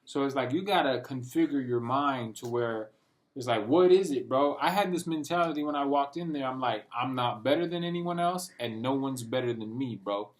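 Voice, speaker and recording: Young man, casual vlog monologue, rambling, says bro a lot, quotes himself, mid-pitched voice. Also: moderate pace. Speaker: vlogger. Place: at home, dogs nearby.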